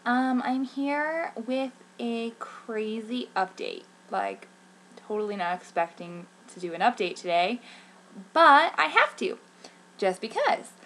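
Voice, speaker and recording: Young woman vlogger, casual storytelling, excitable and chatty, slightly high voice. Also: slow pace. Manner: excitable, chatty, many fillers, acts out quotes.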